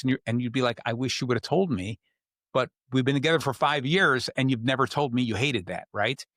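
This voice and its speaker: A man's voice: medium pitch, a bit bright, dry recording, studio quality. Man hosting a casual advice chat. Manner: conversational, acts out quoted people. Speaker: host.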